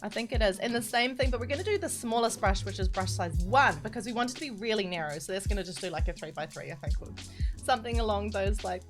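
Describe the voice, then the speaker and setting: A young woman talks her live stream through a building tutorial at a middling pitch. She is chatty and giggly, stopping to read out messages from her viewers. Clear music plays behind her voice. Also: expressive, fast talker. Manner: chatty, giggly, reads chat aloud.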